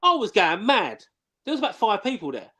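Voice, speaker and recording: A fast-talking man tells his stories bluntly and swears freely. His voice sits a little high, and the talk is excitable and casual. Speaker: former footballer, guest. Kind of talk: casual live chat.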